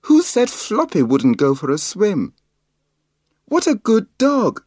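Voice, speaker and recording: A man reading a storybook aloud, voicing an excitable young girl in a high, emphatic voice. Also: slow, no room sound, clean studio sound, heavily acted. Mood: excited.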